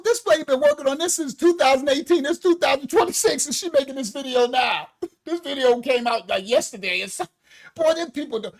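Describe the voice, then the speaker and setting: A man with a high voice hosts a loose comedic commentary. He laughs often and jumps into short acted-out conversations as he talks. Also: creaky, rough recording. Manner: animated, laughs often, acts out quotes. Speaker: online show host.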